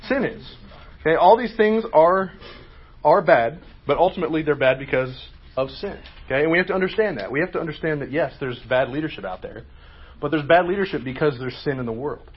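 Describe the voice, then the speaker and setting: A man's voice: fairly high pitch, lively intonation, a little fast, dull audio. Man leading a group Bible lesson. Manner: asks questions, conversational, emphatic. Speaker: Bible study leader.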